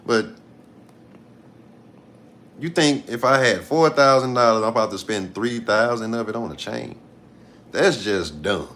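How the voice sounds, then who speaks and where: A blunt, profane man in his 30s rants on a casual livestream, repeating himself for emphasis. His mid-range voice is a bit bright, and he speaks at a measured pace with long pauses.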